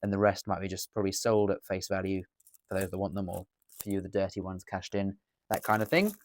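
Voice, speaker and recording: A fast-talking English man with a low-sitting voice runs through a coin unboxing as a dealer at a table indoors, with casual, rambling commentary and frequent self-corrections.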